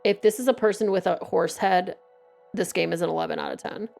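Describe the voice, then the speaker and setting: A woman's voice: medium pitch, brisk, creaky, a little mellow, soft background music. A woman in her forties streaming a game, chatting casually with a profane, wry manner. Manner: profane, wry, reading game text aloud. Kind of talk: casual gameplay commentary.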